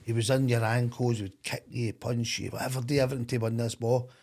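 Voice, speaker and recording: Scottish ex-manager, middle-aged, gravelly and quick; animated anecdote-teller. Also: male voice, mid-range voice. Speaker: former football manager. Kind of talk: storytelling in podcast chat.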